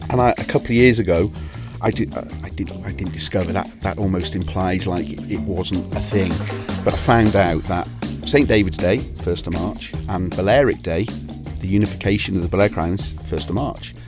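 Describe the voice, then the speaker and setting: A man's voice: low voice, a little fast, hardly any pauses, music in the background. A Welsh man, a DJ and label owner, chatting in an interview and telling long anecdotes with many restarts. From Wales. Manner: rambling anecdotal storytelling, frequent restarts. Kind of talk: casual interview chat.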